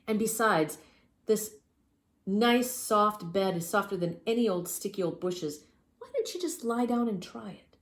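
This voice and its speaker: A woman's voice: mid-range voice, expressive, voice pushed up, lightly acted. A woman voicing a grand, boastful circus man in a read-aloud story. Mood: coaxing. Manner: boastful, slow and promising.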